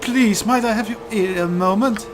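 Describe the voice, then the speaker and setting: A man's voice: medium pitch, unhurried, music in the background, pitched below the performer's own voice, natural voice. A man voicing a nervous young boy who speaks in an odd accent, stammering and pleading in a let's-play.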